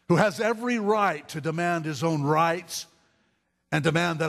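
A man's voice: a little high, normal speed, vocal fry. A man preaching a sermon in a church, earnest and prone to stammered restarts. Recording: reverberant hall.

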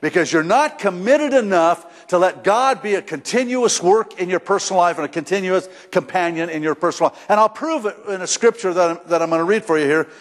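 High-voiced preacher in a reverberant hall. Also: male voice, animated, fairly quick, few pauses. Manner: conversational, emphatic preaching with rising shouts. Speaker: pastor. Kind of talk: sermon. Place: church sanctuary.

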